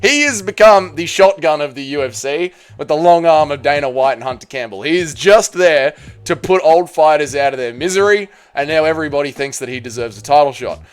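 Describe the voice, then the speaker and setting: Male MMA host: irreverent, joking, lively delivery over faint background music. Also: fairly high pitch, a little fast, few pauses, clean tone. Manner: joking, irreverent, trailing off and restarting. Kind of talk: casual ranking rant.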